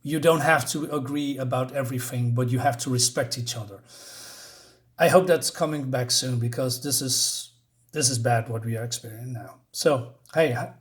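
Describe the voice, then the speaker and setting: A man giving a casual, rambling comic book review on his channel, with lots of fillers and restarts. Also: mid-range voice.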